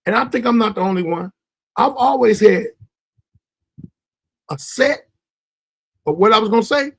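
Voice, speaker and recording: Brief: male podcast host, notably high voice, rambling and profane. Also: expressive, normal speed, creaky, breathy edge. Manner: loose, profane, stammering restarts. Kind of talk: casual podcast chat.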